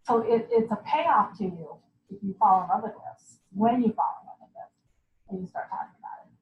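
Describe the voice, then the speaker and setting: A woman giving a lively, chatty sales training talk to a group, laughing often and acting out what customers say. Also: mid-range voice, brisk, a little hiss or hum. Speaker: guest speaker. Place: meeting room. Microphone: far from the mic. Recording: echoey, dull, distant room recording.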